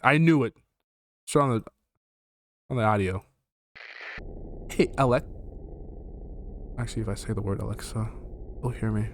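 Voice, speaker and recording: A man streaming a game from home, reading its text aloud and rambling in jokey, profane asides, easily startled. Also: mid-range voice. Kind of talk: casual let's play commentary, reading game text aloud. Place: at home with his dog.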